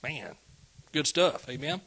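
A man's voice: on the high side, very animated, slow, fairly bright tone, slightly rough. A man preaching a sermon, conversational and calling out to the congregation. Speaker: pastor.

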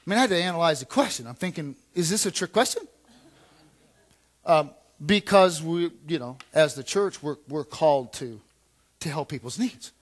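A man, a pastor, preaching a sermon in a conversational way, repeating phrases and swinging from quiet asides to loud emphatic lines. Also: fairly high pitch, animated, brisk.

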